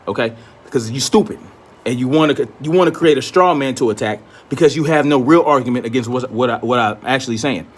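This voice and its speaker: A man rants straight at his critics, blunt and profane, daring them to argue. He repeats his points to hammer them home, with his voice sitting at an ordinary middle pitch. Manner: repeats himself for emphasis. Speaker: commentator. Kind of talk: ranting commentary.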